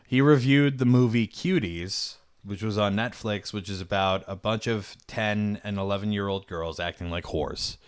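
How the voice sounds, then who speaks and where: A man's voice: on the low side, moderate pace, hardly any pauses, clean tone. A man hosting a casual livestream, offhand and trailing off into mumbles. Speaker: streamer host.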